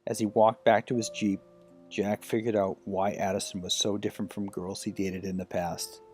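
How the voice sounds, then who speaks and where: Man gently narrating a romance audiobook. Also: on the low side, flat delivery, moderate pace, soft background music. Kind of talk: scripted narration.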